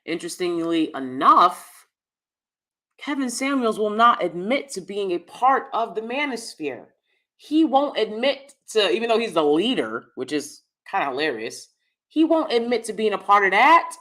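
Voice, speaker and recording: A woman's voice: medium pitch, sing-song, normal speed, fairly bright tone. A woman hosting a live-stream commentary, talking straight to her viewers in an emphatic, chatty way and repeating her key phrases for stress. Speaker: host.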